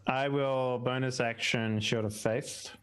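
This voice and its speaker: A man's voice: medium pitch, steady tone, takes it slowly, fairly bright tone, clean tone. A man playing a tabletop game, hesitant and full of restarts, laughing easily. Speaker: player. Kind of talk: casual tabletop play.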